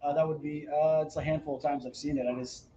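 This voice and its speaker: A man's voice: a little high, little pitch movement, quick pace, warm tone, slight background noise. A laid-back man co-hosting a casual pub podcast, talking hesitantly about movies. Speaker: podcast co-host. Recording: echoey room, distant mic, dull sound.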